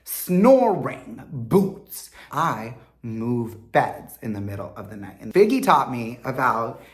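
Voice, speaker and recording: A young man with a mid-range voice tells a story from his time as a reality competition contestant. His delivery is animated and full of slang, and he jumps up in pitch to act out what other people said. The room around him sounds echoey. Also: a little slow. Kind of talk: storytime monologue.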